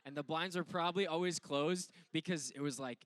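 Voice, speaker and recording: A man's voice: on the high side, brisk, fairly bright tone, no echo. A young adult man preaching a casual sermon as a pastor, telling stories in a joking, self-mocking way.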